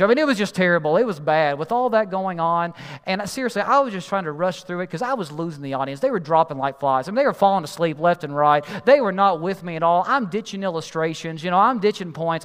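A man doing storytelling stand-up, animated and exasperated as he acts out the people in the story. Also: high voice, long reverb tail.

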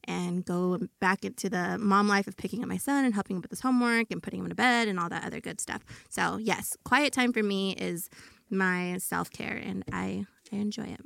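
A woman speaking as a podcast guest in relaxed, reflective casual chat. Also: medium pitch, normal speed, gravelly, no room sound, studio quality.

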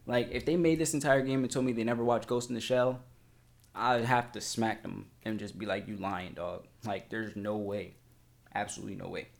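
A young man chatting casually about a video game, rambling excitedly with lots of slang, filler words and casual swearing. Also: medium pitch, a little fast, gravelly. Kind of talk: casual gaming vlog chat.

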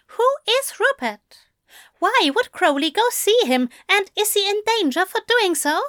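A woman voicing a fussy, fretful male angel whose speech comes out shrill and blurted. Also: animated, slow, a bit bright, no room sound, clean studio sound, full character voice. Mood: frantic. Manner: high-strung, blurting.

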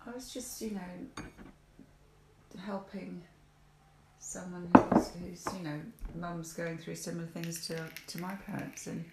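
A woman's voice: lowish voice, steady tone, measured pace, gravelly, very noisy. A woman in a recovery group chats hesitantly, with many fillers and restarts. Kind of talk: casual chat. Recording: echoey room.

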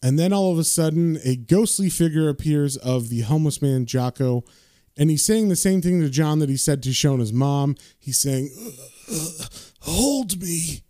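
Male comic reviewer, casual and chatty, fairly high voice, dry close mic. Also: moderate pace, mellow, no room sound. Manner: chatty retelling with fillers.

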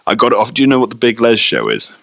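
Brash podcast co-host, bright dry close-mic voice, crude jokey banter. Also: male voice, medium pitch, huge pitch swings, fast talker, gravelly, no room sound. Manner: swears a lot, jokey and teasing.

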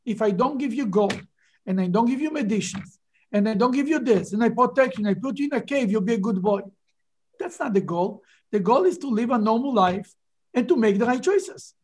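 A man's voice: very high voice, expressive, fairly quick, husky. Man, Bible class teacher, emphatic, rhetorical questions. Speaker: rabbi teaching a Torah class.

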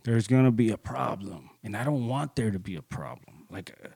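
A man in his thirties telling a personal story in casual, profane speech, getting heated and jumping into higher voices when he quotes people. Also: expressive, a little fast, gravelly, dark tone, husky, dry recording.

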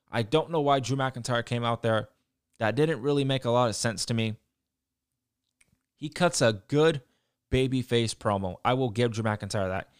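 A man's voice: mid-range voice, smooth, no echo, studio quality. A man giving a casual, blunt recap of a show, swearing freely and ranting about what he disliked. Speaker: wrestling show reviewer.

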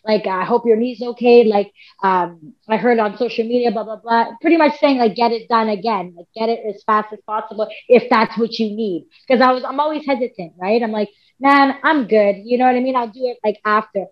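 A woman who is an MMA fighter and coach, appearing as a podcast guest, rambles through a long story in casual conversation, using many fillers and quoting her own self-talk. Her slightly high voice moves briskly with hardly any pauses, and the podcast audio is dull and lo-fi.

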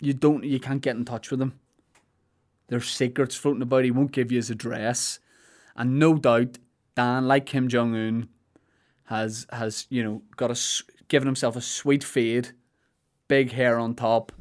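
A young man with a Northern Irish accent, co-hosting a podcast in rambling, jokey chat with deadpan asides. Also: mid-range voice, measured pace. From Northern Ireland. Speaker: podcast co-host.

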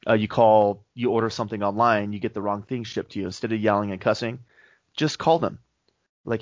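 A man co-hosting a casual podcast, telling stories in a laid-back, relaxed way. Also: on the low side, brisk, no echo. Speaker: podcast co-host. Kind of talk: casual faith-based podcast chat. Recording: dull lo-fi podcast mic.

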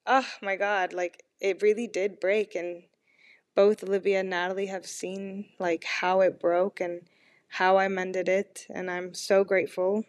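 A woman's voice: medium pitch, level tone, measured pace. A woman in her twenties hosting a personal podcast, talking in a candid, rambling and self-mocking way. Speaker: podcast host.

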